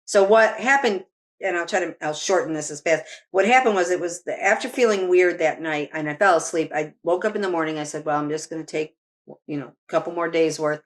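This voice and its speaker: A woman's voice: fairly low pitch, fairly quick. A middle-aged woman, a medium, telling a personal story as a podcast guest in a rambling way, with restarts and fillers.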